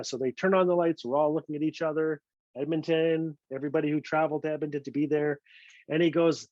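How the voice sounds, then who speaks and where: Earnest storytelling man, slightly high voice. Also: steady tone, quick pace, darkish tone, dry recording. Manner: earnest, repeats words, restarts often. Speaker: author speaking at a literary event. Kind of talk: storytelling talk. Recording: dull, slightly lo-fi dry sound.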